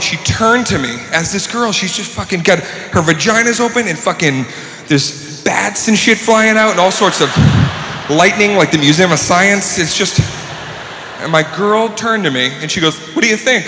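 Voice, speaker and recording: A man doing a stand-up routine, telling a profane, animated story. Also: high-pitched. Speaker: stand-up comedian. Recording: echoey hall with crowd and noise.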